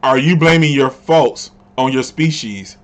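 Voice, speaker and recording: A man reading as a quiet, sad wolf boy. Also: medium pitch, measured pace, lightly acted. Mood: earnest.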